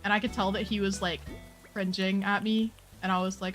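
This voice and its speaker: A woman chatting casually on a live stream while she plays a game, playful and opinionated, full of quick asides. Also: mid-range voice, fairly even intonation, fairly bright tone, soft background music.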